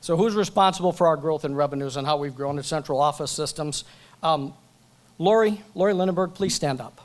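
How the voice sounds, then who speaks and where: A man's voice: on the high side, fairly quick. A man giving a joking, chatty acceptance speech at a banquet event, talking into a microphone and going off script. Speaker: award recipient.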